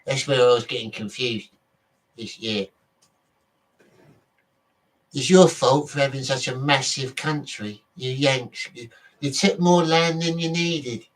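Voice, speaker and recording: A man's voice: medium pitch, slow pace, pauses often, distant mic, rough recording. A man from Britain vlogging in a casual, rambling monologue, often correcting himself and swearing offhandedly.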